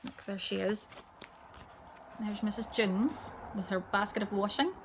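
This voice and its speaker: A woman reading a children's story aloud, expressive and dropping to a hushed whisper for asides. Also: medium pitch, a little slow, noisy background.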